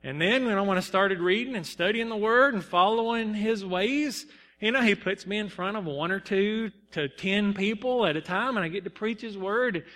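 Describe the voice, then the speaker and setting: A man's voice: high-pitched, moderate pace, a bit bright. A young man preaching a sermon in a church, telling personal stories earnestly with bursts of emphasis. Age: young adult. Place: church sanctuary. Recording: long hall reverb.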